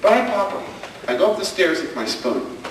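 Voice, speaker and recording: A man's voice: high voice, sing-song, a little fast, a little hiss or hum. A man doing stand-up storytelling about family life, acting out the people in his stories, recorded on a camcorder far off in a large hall. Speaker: stand-up comedian and speaker. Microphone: camcorder from the audience.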